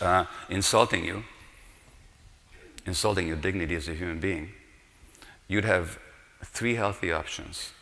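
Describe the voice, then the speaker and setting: A man with a low, forceful voice delivers an earnest public lecture as a physician, driving points home with rhetorical questions. His voice rings out in a large hall with a long reverb tail. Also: a little slow, vocal fry, long pauses.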